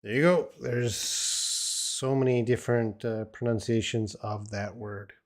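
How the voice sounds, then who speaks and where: A man's voice: medium pitch, steady tone, a little slow. A man teaching English in a live-stream Q&A from home, answering viewers in a blunt, opinionated, teasing way.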